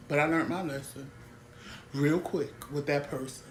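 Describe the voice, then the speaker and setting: A talk show host holds forth in a casual, blunt way, exasperated by people who take advantage. The voice sits at a middle pitch. The room is echoey, with a faint hum of noise underneath. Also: moderate pace.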